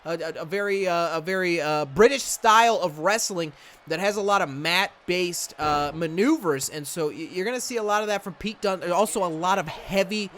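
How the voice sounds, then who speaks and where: A man's voice: high-pitched, normal speed, slight background noise. A man hosting a wrestling video game series, mixing casual chat with hyped-up announcer-style play-by-play and often tripping over his words. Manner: excitable, hypes up matches, stumbles over words. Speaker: gaming YouTuber. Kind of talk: gameplay commentary with mock wrestling announcing.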